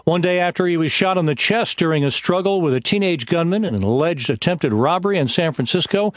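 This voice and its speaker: A man anchoring a network newscast with crisp, measured scripted delivery. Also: on the high side, animated, no echo. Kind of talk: scripted newsreading.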